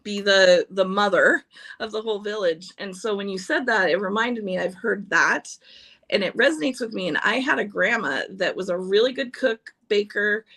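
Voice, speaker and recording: A woman's voice: mid-range voice, animated, normal speed, a bit bright. A woman on a livestream sharing personal stories in a chatty way, laughing often and restarting her sentences. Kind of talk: casual personal chat.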